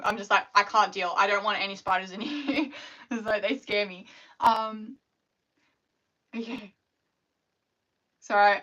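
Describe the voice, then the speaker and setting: A woman's voice: a little high, bright, forceful tone. A young Australian woman chatting casually on a live stream, rambling with lots of fillers. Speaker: scrunchie maker live-streaming. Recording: dull lo-fi livestream audio.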